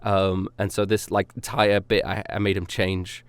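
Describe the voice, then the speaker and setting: A man's voice: deep voice, level tone, moderate pace, smooth, no room sound. A man streaming casual commentary as he ranks his own rap songs, rambling and self-critical as he talks them through.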